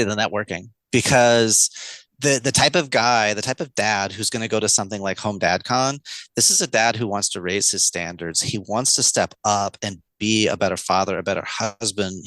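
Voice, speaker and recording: A man guest on a podcast, explaining communication with lively, energetic delivery and frequent shifts of pace. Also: on the low side, dry recording, poor audio. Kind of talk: casual podcast interview.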